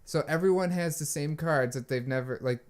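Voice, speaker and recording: A man's voice: on the high side, brisk, clear, resonant tone. A young man co-hosting a podcast, telling a rambling story with lots of fillers and swearing. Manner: rambling storytelling, many fillers, frequent swearing, animated quoting. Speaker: podcast co-host. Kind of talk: casual chat.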